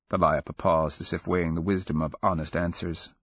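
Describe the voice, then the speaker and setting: Male audiobook narrator, measured and steady; dull, lo-fi, very dry recording. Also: low voice, breathy edge, dry recording. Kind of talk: scripted fantasy narration.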